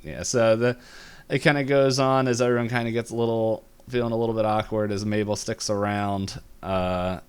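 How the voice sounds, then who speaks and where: Rambling man with a low, smooth voice. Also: flat delivery, normal speed. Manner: rambling, full of fillers like "um" and "like". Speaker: podcast co-host. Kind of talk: casual episode recap.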